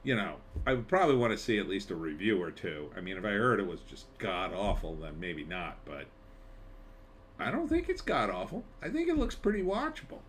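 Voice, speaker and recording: A man with a lowish voice talks through a movie trailer in loose, offhand commentary. His pitch swings widely as he rambles and tosses in wry asides. A faint hum of ambience sits behind him. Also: big pitch swings, a little fast, fairly bright tone. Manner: rambling, conversational, with frequent fillers and wry asides. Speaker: screenwriter reviewing a trailer. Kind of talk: casual commentary.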